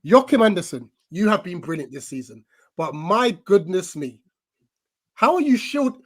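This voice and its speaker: A man in his twenties vents hard about his club, emphatic and fed up. His voice sits a little high. He talks over a home video call. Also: sing-song, moderate pace. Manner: ranting, exasperated, emphatic. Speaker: guest fan pundit. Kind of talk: live football fan panel chat.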